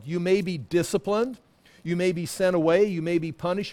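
A man's voice: sits high, expressive, moderate pace, a little mellow. A man in his sixties teaching a Bible study class in a loose, conversational way, full of asides and self-corrections. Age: 60s.

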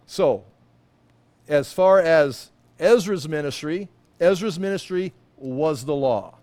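A man's voice: a little high, expressive, slow, darkish tone. A man teaching from the Bible in an informal sermon, rambling and breaking off mid-sentence, with humorous asides. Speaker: preacher.

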